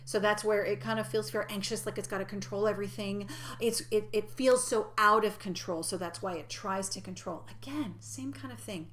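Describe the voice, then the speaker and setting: A woman giving a reflective personal growth talk in a gentle, reassuring way, sometimes dropping to a soft near-whisper. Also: medium pitch, a little fast, few pauses.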